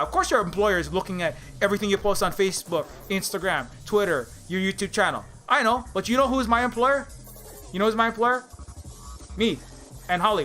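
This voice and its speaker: A man's voice: sits high, a bit bright. A man from Hawaii, ranting angrily and sarcastically, with lots of swearing, in a casual vlog. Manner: angry profane ranting, sarcastic. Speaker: indie game developer. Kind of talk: casual rant.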